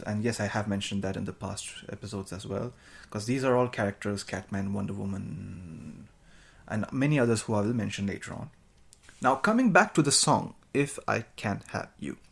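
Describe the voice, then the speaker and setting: Gravelly-voiced man hosting a podcast. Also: lowish voice, expressive, normal speed. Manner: rambling, chatty, self-mocking. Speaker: podcast host. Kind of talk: casual podcast monologue.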